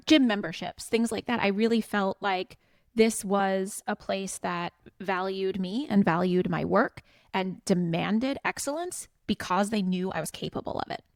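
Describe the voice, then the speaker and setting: A podcast co-host in her forties tells a story earnestly and passionately in a medium-pitched voice, in a reflective, conversational style. The recording is studio quality with no echo.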